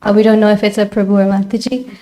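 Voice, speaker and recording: A woman's voice: mid-range voice, little pitch movement, rapid-fire, dark tone. Polite woman reading out questions. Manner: polite and deferential. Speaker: moderator reading online questions.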